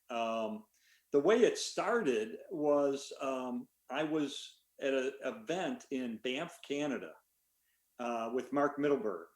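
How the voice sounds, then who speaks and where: An older man, an author, answering a question in a relaxed story full of fillers over a video call. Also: mid-range voice, roomy sound. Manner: relaxed, rambling with many fillers. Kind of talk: conversational storytelling.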